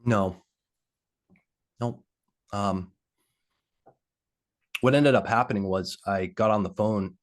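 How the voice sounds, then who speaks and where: A man with a very deep voice tells his own story as a guest on a video call. His speech is halting and full of pauses and fillers. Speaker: interview guest.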